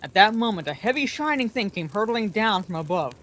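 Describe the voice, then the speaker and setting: A woman narrating a fantasy novel aloud as a bedtime story, in a calm, even manner. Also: medium pitch, brisk.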